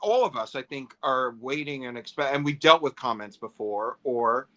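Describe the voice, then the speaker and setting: A man co-hosting a casual toy livestream, talking in a thoughtful, measured way. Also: medium pitch, lively intonation, pushed and bright.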